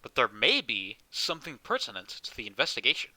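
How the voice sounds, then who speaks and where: A man's voice: medium pitch, huge pitch swings, a little fast, bright, forceful tone, dry recording, poor audio. A man casually playing a game live, amused, reading text aloud. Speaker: streamer.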